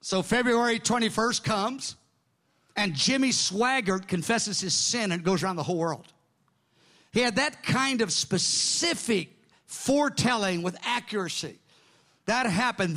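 A man's voice: high-pitched, unhurried. A middle-aged man, a pastor, telling stories in a sermon and acting out conversations with others. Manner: animated anecdotes, quoting others in dialogue. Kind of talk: sermon storytelling.

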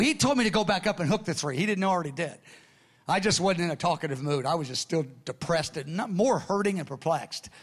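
A pastor in the middle of a sermon, telling a personal story. He speaks in a somewhat high, gravelly voice and acts out the people in the story, dropping to a hush and then rising to a cry. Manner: animated storyteller acting out voices, shifting from hushed to loud.

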